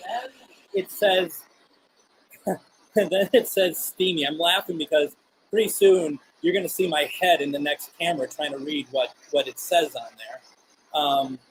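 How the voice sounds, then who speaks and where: A man hosting a live paranormal show, calmly coaxing spirits with questions and frequent hesitations. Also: a little high, normal speed, a little hiss or hum, rough recording. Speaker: paranormal radio show host. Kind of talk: live spirit box session, addressing spirits and chat.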